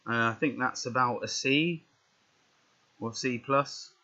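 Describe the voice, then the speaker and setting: A man's voice: medium pitch, slow pace, pushed and bright. A man casually commentating a wrestling management game, reading out results with rambling muttered asides. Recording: dull lo-fi recording.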